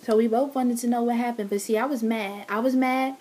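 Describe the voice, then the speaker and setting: A woman's voice: a little high, fairly even intonation, brisk, dark tone, slight background noise. A woman vlogger casually telling her love story, teasing and laughing with her partner.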